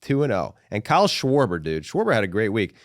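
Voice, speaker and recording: Brief: male podcast host, low, very lively delivery, casual slangy sports talk, dry close mic. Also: a little fast, dry recording. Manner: animated, slangy, rambling.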